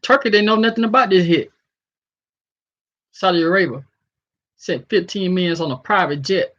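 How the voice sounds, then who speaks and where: A man's voice: high voice, moderate pace, a bit bright, highs cut off. A man talking in a casual, freestyling vlog commentary and reading an article aloud, stumbling over some words. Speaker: vlogger.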